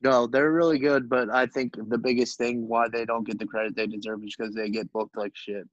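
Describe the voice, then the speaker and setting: A man's voice: mid-range voice, little pitch movement, fairly quick, dry recording. A young man co-hosting a podcast in casual chat, opinionated and laughing at himself. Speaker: podcast co-host. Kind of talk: casual chat about pro wrestling. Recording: dry, dull lo-fi recording.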